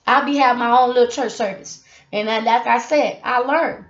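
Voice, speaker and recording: A woman's voice: on the high side, steady tone, normal speed. A woman giving a casual, impassioned faith testimony straight to her viewers from her apartment. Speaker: vlogger sharing faith testimony. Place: apartment room. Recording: roomy, dull lo-fi audio.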